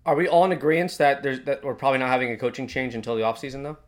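A man's voice: mid-range voice, steady tone, racing. A man co-hosting a soccer podcast, arguing his point with repeated restarts. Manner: argumentative, stammering restarts. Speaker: podcast co-host. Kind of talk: casual chat.

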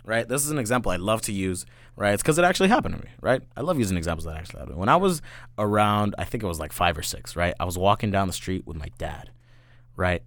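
A man's voice: lowish voice, fast talker, no room sound. A man, a podcast guest, telling a story in casual chat and saying "bro" and "right?" again and again. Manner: animated, peppers speech with "bro" and "right?".

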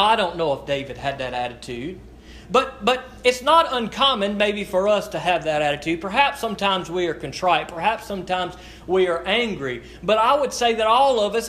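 A man preaching a sermon as a pastor, earnest and halting, often restarting his sentences. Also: sits high, a bit bright. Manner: slow, deliberate scripture reading. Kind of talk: sermon with prayer and scripture reading.

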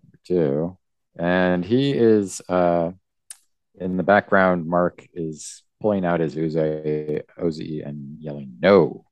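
A man co-hosting a comics podcast, recapping the story casually in a rambling, hesitant way. His voice is deep and his pace unhurried. The sound is dry and close. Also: steady tone, no echo. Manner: rambling, hesitant, with fillers and restarts. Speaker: podcast co-host.

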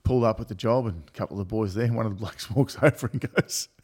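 A man's voice: on the low side, quick pace, darkish tone, slightly rough. A middle-aged man, telling a crude story in casual banter and laughing as he goes. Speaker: podcast co-host.

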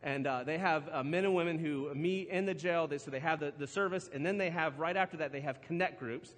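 High-voiced pastor in a reverberant church hall. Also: male voice, fairly quick, a bit bright. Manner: chatty, self-deprecating, laughs often, restarts a lot. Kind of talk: sermon with storytelling. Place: church auditorium.

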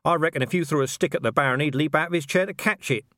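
A man's voice: fairly high pitch, racing, sharp tone, dry recording, studio quality, pitched above the performer's own voice. A man voicing a blunt, weary commander of the city watch who speaks dryly and impatiently. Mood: grumbling, wry.

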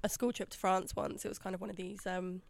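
A woman's voice: mid-range voice, flat delivery, fast, creaky, dry recording, studio quality. A young woman with an English accent, a guest in a casual podcast chat, chatty and apologetic with frequent laughs. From England.

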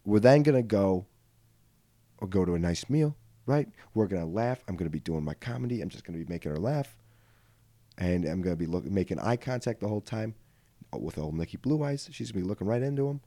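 A man's voice: fairly low pitch, dark tone, dry recording. A male podcast host telling a comedic story in a rambling way, often checking in with "right?".

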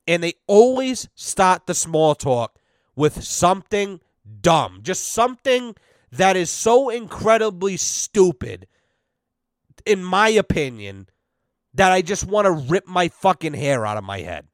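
A man's voice: high-pitched, big pitch swings, moderate pace, no room sound, studio quality. A young man hosting a podcast, ranting bluntly and profanely in casual exasperated storytelling. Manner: blunt, cursing, exasperated storytelling with quoted voices. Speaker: podcast host.

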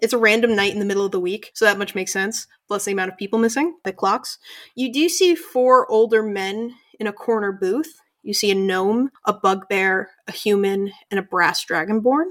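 A woman's voice: mid-range voice, moderate pace, fairly bright tone. A woman running a tabletop game as game master, narrating casually with frequent fillers.

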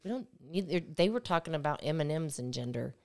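Lively blunt woman co-hosting a podcast. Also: low voice, fairly quick. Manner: blunt, bossy, laughs often. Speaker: podcast co-host. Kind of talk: casual chat.

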